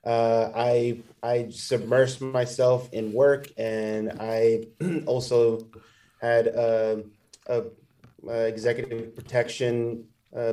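A man sharing his personal testimony as a guest, speaking in a measured, halting way and clearing his throat. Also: mid-range voice, dark tone, recorded from a distance.

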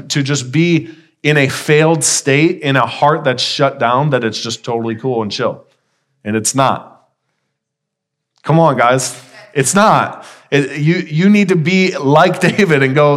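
A man's voice: on the high side, a bit bright. A young man preaching a sermon, reading scripture and retelling it in casual, conversational paraphrase.

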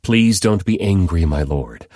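A man's voice: low voice, animated, a little slow, dark tone, no echo, clean studio sound. A man voicing a humble old patriarch who pleads and bargains earnestly, in a Bible reading. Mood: earnest pleading.

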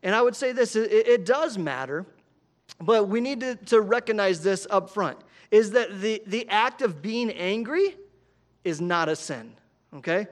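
A pastor in his thirties delivers a sermon with a notably high-pitched voice. He talks casually and animatedly, telling personal stories and checking in with listeners by asking "right?". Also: a little slow. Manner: conversational, animated storytelling with frequent "right?".

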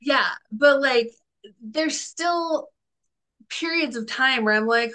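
A woman's voice: sits high, slow, pushed and bright. A woman salon owner as a podcast guest, talking in a rambling, self-deprecating way full of "like". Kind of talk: conversational podcast interview.

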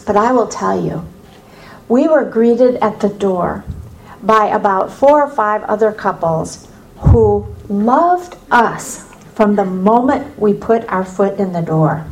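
A woman from the United States giving a personal faith testimony to an audience, telling it as a lively story with humorous asides. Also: mid-range voice, slow pace, rough recording. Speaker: speaker sharing her faith testimony.

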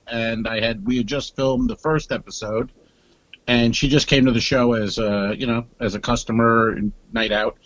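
A man's voice: medium pitch, no echo, lo-fi sound. A man co-hosting a comedy podcast in casual chat, rambling and hesitant, acting out little exchanges. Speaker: podcast co-host.

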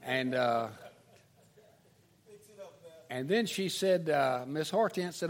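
An older man preaching, telling a folksy childhood story in an animated storytelling sermon style. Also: a little high, moderate pace, long pauses.

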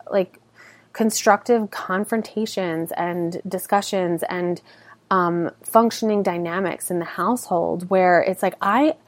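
A woman's voice: medium pitch, darkish tone, no echo. A woman in her thirties hosting a solo podcast, talking earnestly and conversationally as a mother, with lots of "like" and "you know". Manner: earnest, conversational, heavy use of "like". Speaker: podcast host.

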